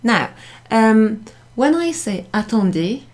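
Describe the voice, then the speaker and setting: A woman's voice: a little high, sing-song, takes it slowly. A woman teaching a beginners' French class, explaining patiently step by step and repeating her examples. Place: pub function room, classroom class.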